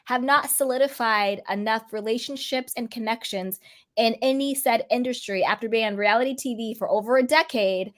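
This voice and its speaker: A woman hosting a casual chat, talking in an animated way and laughing often. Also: on the high side, normal speed. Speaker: host.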